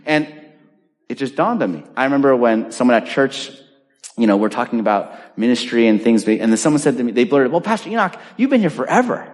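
A middle-aged pastor preaches a sermon emphatically, piling on rhetorical questions. His mid-range voice is darkish in tone and brisk in pace, recorded in a reverberant hall.

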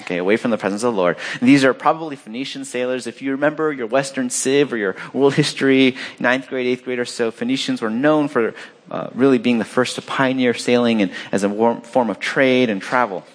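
Animated male preacher teaching scripture. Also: a little fast. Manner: animated, acts out the sailors with sharp rises in pitch; conversational, with fillers and restarts. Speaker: pastor. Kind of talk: sermon, reading and explaining scripture.

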